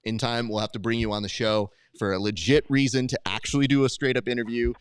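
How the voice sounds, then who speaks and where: A man's voice: medium pitch, steady tone, fast, clean tone, no room sound, clean studio sound. A man hosting a live grappling stream, joking and teasing his guests in casual banter. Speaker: podcast host.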